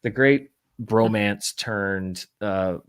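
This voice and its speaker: A man's voice: fairly low pitch, very slow, clean tone. A man hosting a casual live-stream news chat, talking in a wry, rambling way with lots of filler words. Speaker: host.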